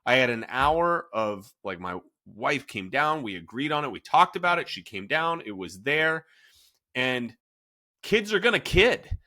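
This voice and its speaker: A man's voice: medium pitch, expressive, measured pace, pushed and bright. A man in his thirties hosting a casual podcast, talking in a candid, self-reflective way with many fillers and restarts. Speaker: podcast host, fitness coach. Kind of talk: candid conversational podcast talk.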